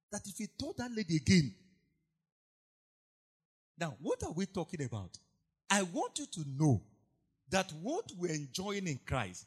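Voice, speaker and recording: Animated preacher, wide pitch swings. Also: male voice, husky. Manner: animated storytelling, acts out quoted voices, swings from hushed to shouted. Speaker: pastor. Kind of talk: sermon.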